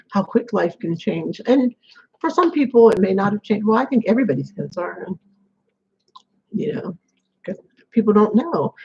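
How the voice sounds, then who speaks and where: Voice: mid-range voice, creaky, mellow, slight background noise. A person chatting casually to camera at home in an apartment, rambling and repeating phrases. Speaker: vlogger. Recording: dull lo-fi home recording.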